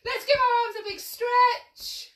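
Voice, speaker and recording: In a room at home, a woman leads a live-streamed movement class for toddlers, giving cheery, encouraging sing-song instructions to the kids and their grown-ups. Her voice is extremely high and a bit bright, slow, with fairly even intonation. The room echoes and the mic is distant.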